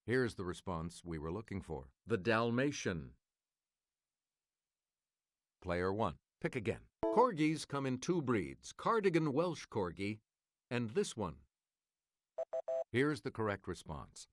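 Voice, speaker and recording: A man hosting a quiz show, reading clues in a measured, crisp way and calling on the player to choose again. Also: on the low side, sing-song.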